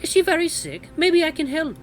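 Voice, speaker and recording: A man voicing a sweet, smooth but cold and cloying young woman who pries politely. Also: very high voice, fairly quick, soft background music, pitched above the performer's own voice. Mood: eager. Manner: overly polite, prying.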